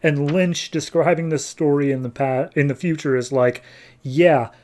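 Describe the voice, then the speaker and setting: A man's voice: a little high, moderate pace, a little mellow. A man hosting a podcast, recapping a comic book in a chatty, loose way with lots of fillers. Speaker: podcast host. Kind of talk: casual comic book review.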